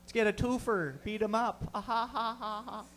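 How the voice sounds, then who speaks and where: Comedian putting on dumb barrie hockey bro voice, jeering, haw haw laugh, pitched way up. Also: male voice, fairly even intonation, moderate pace, a bit bright. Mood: mocking. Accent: Barrie, Ontario. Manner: mocking, braying laugh. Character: jeering young male Canadian hockey player bully.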